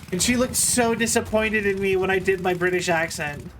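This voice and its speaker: Chatting casually while he games on stream, a man with a high-sitting voice tells rambling, self-deprecating stories, stammering and restarting as he goes. Background noise can be heard.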